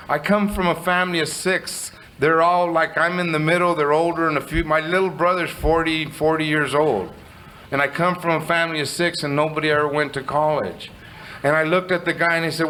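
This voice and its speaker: A middle-aged man from Southern California, sharing his recovery story in a candid, animated way and swearing casually. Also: on the high side, normal speed, a little hiss or hum, poor audio. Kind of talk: personal storytelling speech.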